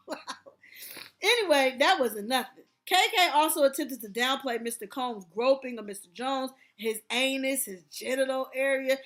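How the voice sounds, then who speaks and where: A woman's voice: sits high, a bit bright. A woman host reading court documents aloud, breaking off often to laugh and exclaim. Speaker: commentary channel host.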